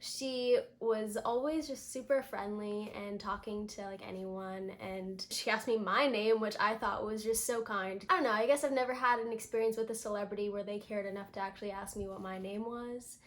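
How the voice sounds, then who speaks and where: A woman's voice: medium pitch, steady tone, normal speed, hardly any pauses. A young woman giving a casual, rambling vlog recap, full of filler words and self-corrections. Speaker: vlogger.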